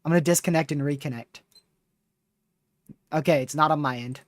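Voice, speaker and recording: Excitable woman live-streaming a storm chase. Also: deep voice, brisk, no room sound. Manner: excitable, laughs often, talks to chat.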